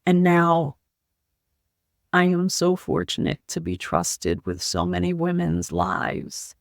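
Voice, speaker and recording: A woman guest on a podcast, telling her personal story in an earnest, heartfelt way, in slow, halting phrases. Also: on the low side, sing-song, gravelly, dry recording, studio quality. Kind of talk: personal story told in an interview.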